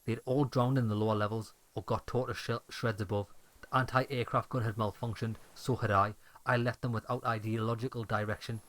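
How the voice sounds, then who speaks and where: A man's voice: fairly low pitch, flat delivery, a little fast, a bit bright, close to an everyday voice. A man voicing a frail, bitter old deserter soldier who speaks in grim, clipped phrases. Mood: haunted.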